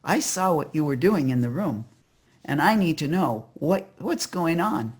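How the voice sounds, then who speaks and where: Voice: medium pitch, lively intonation, a little slow, slightly rough. A storyteller putting on a spunky little girl. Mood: earnest.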